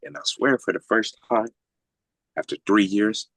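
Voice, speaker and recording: A man's voice: lowish voice, animated, unhurried, creaky, fairly bright tone, no room sound. A man telling a personal story as a podcast guest in casual, blunt, profane street slang. He keeps checking in with "right?".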